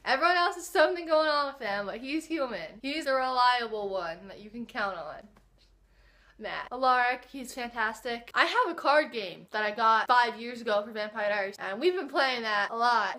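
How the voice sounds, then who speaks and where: A young woman vlogger chatting casually and excitably to her viewers, gushing about her favourite shows. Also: on the high side. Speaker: book and TV vlogger. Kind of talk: casual vlog chat.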